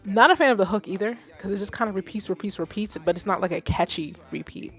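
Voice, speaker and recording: A woman of Haitian background hosting a live music feedback stream, blunt and animated, swearing freely. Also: medium pitch, fast. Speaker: livestream host reviewing music. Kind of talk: casual livestream commentary.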